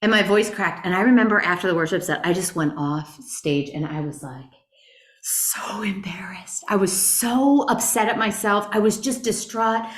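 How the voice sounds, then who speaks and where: Middle-aged female Bible teacher, animated and earnest, mid-pitched voice, echoey room. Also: brisk, few pauses. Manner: earnest, animated storytelling with rhetorical questions. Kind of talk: conversational Bible class teaching. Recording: roomy echo.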